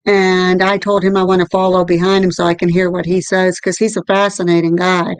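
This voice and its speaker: A middle-aged woman co-hosting a casual talk show, telling a story in an animated way with swearing. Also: on the low side, fairly quick, clean tone, no room sound, rough recording. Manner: animated storytelling, swearing, repeated "I'm there like". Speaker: co-host. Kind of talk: casual chat about paranormal experiences.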